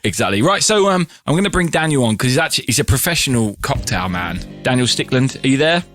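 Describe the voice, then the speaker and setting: A man hosting a casual chat over a video call, lively and a little tipsy. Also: mid-range voice, fast, faint music behind. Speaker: podcast host.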